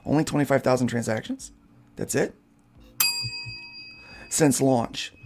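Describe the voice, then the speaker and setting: A man's voice: mid-range voice, a little slow, darkish tone. A man hosting a casual podcast, reading an article aloud and breaking in with his own asides. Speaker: podcast host.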